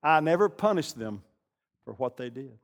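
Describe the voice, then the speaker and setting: An older man preaching a sermon, animated, swinging from loud bursts to hushed asides. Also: a little high, normal speed, a little hiss or hum. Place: church sanctuary. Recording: long reverb of a large hall.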